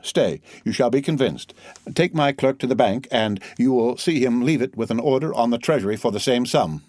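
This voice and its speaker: A man's voice: mid-range voice, lively intonation, normal speed, darkish tone, no echo, lightly acted. A man voicing a proud, boastful banker in an audiobook reading, talking with nervous self-importance. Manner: boastful, then flustered.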